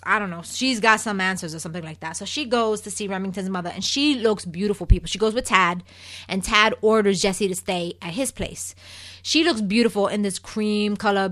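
A woman's voice: mid-range voice, a little fast, a bit bright, no room sound. A chatty, opinionated woman who hosts a recap show and keeps addressing her listeners as "people.". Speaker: soap opera recap host. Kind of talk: casual chat.

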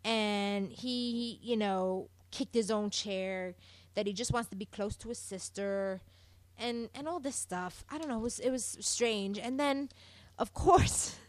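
A young adult woman gives a chatty, opinionated rundown of a soap episode, talking straight to her listeners. Her voice sits at a middle pitch. The sound is dry and close, with no room echo. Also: measured pace. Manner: opinionated, animated, addresses listeners as "people". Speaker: soap opera recap host. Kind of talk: casual chatty recap.

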